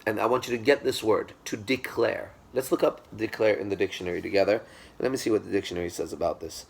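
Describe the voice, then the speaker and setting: A man's voice: fairly low pitch, quick pace, vocal fry, slight background noise. Emphatic man lecturing a class. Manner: emphatic, repeats himself, asks the class to agree.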